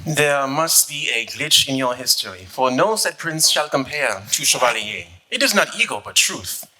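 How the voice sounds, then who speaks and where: With a medium pitch that swings widely, a moderate pace and a pushed, bright delivery, a man in a comedic stage skit uses an affected French accent to portray a vain, flirty French nobleman from the eighteenth century who fences and writes music. He's boastful, pompous and theatrical throughout, and the recording is rough.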